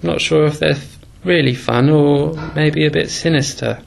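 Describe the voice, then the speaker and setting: Gravelly high-voiced man rapping. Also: fairly even intonation, moderate pace, a little hiss or hum. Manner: rambling, hesitant musing between rhymed verses. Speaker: comic rapper. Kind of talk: rapping dream stories in rhyme with chatty asides. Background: loud music.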